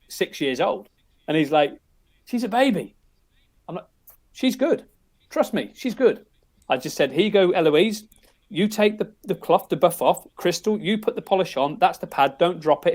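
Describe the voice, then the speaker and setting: A middle-aged man with an English accent, a podcast guest telling family stories in a loose, rambling way full of restarts. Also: a little high. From England. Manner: rambling, many restarts and "you know"s. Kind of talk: casual storytelling.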